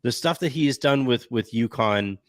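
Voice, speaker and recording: A man's voice: medium pitch, moderate pace, dry recording, studio quality. A man hosting a casual sports podcast, talking in a rambling way with many restarts. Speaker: podcast host. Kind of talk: casual chat.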